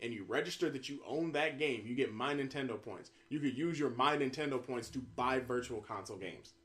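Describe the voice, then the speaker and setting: A man's voice: mid-range voice, a little fast. A man co-hosting a casual gaming podcast, telling hopes as an acted-out story, mimicking crowds and swearing freely. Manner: animated storyteller, acts out crowd reactions, swears. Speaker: podcast co-host.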